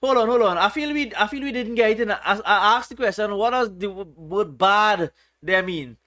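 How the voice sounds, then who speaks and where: A man's voice: sits high, moderate pace, sharp tone. A man hosting a casual livestream, reading viewers' chat aloud in a playful, teasing way. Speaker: livestream host.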